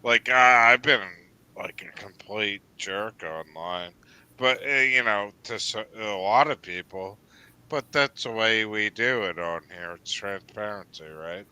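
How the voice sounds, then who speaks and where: A man's voice: lowish voice, measured pace, bright, forceful tone, clear, resonant tone, no echo. A man from New England hosting a casual livestream chat, rambling with lots of fillers and swearing freely. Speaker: livestream host.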